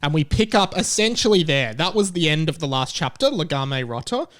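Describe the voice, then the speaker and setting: Casting: man, podcast host, higher voice, wry and chatty. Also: expressive, brisk, a bit bright. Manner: joking, explains context to his guest. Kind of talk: casual podcast banter.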